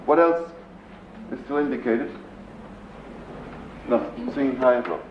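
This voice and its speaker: A man with a German accent giving a live lecture as a composer, pausing to search for English words and imitating sounds with his voice. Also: mid-range voice. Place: lecture hall. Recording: roomy dull 1970s lecture recording with faint hiss.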